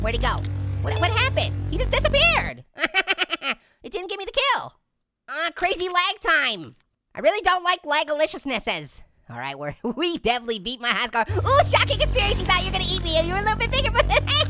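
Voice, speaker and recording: A man voicing a hyper, pun-loving talking orange, hosting gameplay commentary in a squeaky, sped-up high voice with constant giggly laughs. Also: gravelly, heavily acted. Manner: manic punning, constant cackling laughs. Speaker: let's play host. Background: game music.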